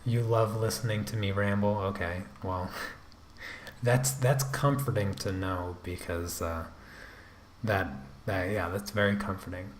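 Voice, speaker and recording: A man, the artist and host of his channel, giving relaxed running commentary while he draws. He rambles to himself, trips over restarts and drops self-deprecating asides, as if at his desk at home. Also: lowish voice, unhurried, slight background noise. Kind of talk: casual running commentary while drawing on a livestream.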